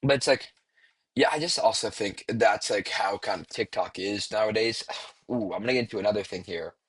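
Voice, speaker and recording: A young man rambling through casual online commentary, swearing freely and filling pauses with "like" and "um.". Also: lowish voice, a bit bright, husky. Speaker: commentary YouTuber.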